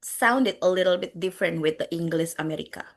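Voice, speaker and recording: A woman's voice: fairly low pitch, quick pace. A woman with an Indonesian accent teaching an English class, chatty, quizzing her students and dropping in Indonesian words. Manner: chatty, mixes in Indonesian words, laughs often. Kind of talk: online class questioning students.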